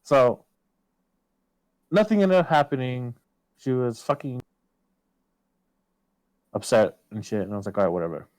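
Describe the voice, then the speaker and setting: A man's voice: medium pitch, sing-song, unhurried, pauses often, dry recording, rough recording. A man telling a personal story in casual podcast chat, swearing often and acting out his own past lines. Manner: swears a lot, quotes himself loudly.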